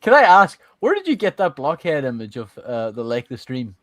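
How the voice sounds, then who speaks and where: A man's voice: medium pitch, wildly swooping pitch, moderate pace, no echo. A man co-hosting a casual online stream, playful and teasing the others. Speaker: co-host. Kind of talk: casual live-stream chat.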